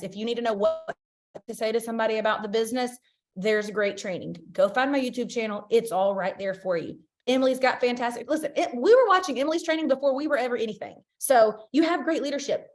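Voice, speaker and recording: A woman giving a blunt, encouraging motivational talk as a guest on a sales team video call. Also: fairly high pitch.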